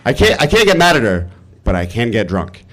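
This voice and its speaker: A man telling a personal story live on stage, animated and exasperated, swearing freely. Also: medium pitch, a little fast.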